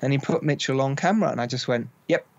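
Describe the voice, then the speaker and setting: Film director, lively storytelling. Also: male voice, mid-range voice, racing, gravelly, dull audio. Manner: animated storyteller acting out quotes. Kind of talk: podcast interview.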